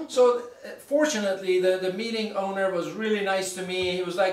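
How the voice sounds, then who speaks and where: A man giving an author's talk in a bookshop, telling a story in an animated, chatty way with asides to the audience. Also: high-pitched, normal speed. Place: bookshop event room. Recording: very echoey room, mic far off.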